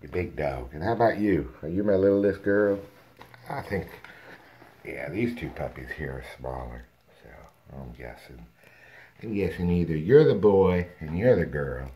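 A man's voice: deep voice, expressive, a little slow, mellow, a little hiss or hum. A man breeding dogs, talking casually to puppies on a home video and cooing at them playfully, sometimes in a whisper. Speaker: dog breeder. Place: indoor room at home.

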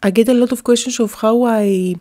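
A woman narrating a step-by-step card-making tutorial, calm and explanatory, with frequent "uh" fillers. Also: on the high side, fairly quick.

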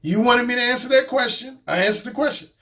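This man's voice is extremely high, bright and forceful, and he talks fast. A dating coach and YouTube host, he gives casual monologue commentary that's blunt, profane and repetitive.

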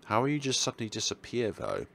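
A young man with a low, gravelly voice commentating a horror game. He talks slowly with wry, deadpan remarks, and his pitch swings widely. Faint game music plays underneath. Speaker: let's play host. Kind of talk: gaming commentary and dialogue reading.

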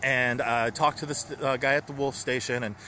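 Bright, earnest, excitable man. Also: mid-range voice, brisk, a little hiss or hum. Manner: earnest, rambling, grateful. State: excited and shaky. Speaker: vlogger. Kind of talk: emotional personal vlog. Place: at home.

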